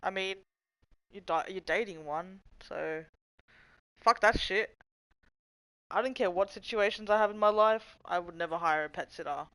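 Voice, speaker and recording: A woman's voice: medium pitch, normal speed, long pauses, fairly bright tone, dry recording, poor audio. A young woman hosting a livestream, rambling casually, swearing freely, goofing around and reading chat messages aloud. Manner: chatty, profane, goofy, reads chat aloud. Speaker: livestream host.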